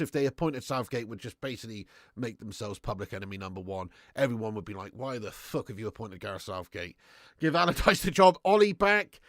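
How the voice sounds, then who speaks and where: A man hosting a live football chat stream, reading out viewers' comments in a chatty way, laughing often and swinging from loud shout-outs to low mutters. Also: no echo, studio quality. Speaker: football channel host on livestream.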